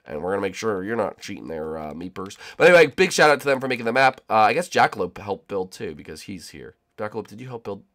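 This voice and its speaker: Young male gaming YouTuber, rambling excitable play-by-play, quick and animated delivery. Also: lowish voice. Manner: excitable, rambling, shouts "oh, baby". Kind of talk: excited let's-play commentary.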